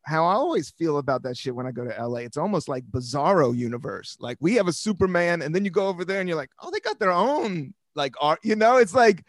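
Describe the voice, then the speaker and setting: A man, a comedian, hosting a casual podcast chat in a loose, laid-back, swearing way with animated stories. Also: on the high side, fast, few pauses, no room sound, clean studio sound. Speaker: comedian host.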